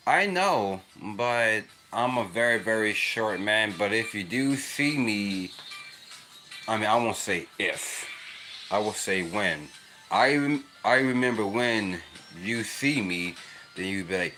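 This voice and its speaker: A man's voice: fairly low pitch, lively intonation, a little slow, pushed and bright, soft background music. A young man rambling and laughing in a casual livestream chat with a child nearby. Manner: rambling, repetitive, laughs often. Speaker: livestream host.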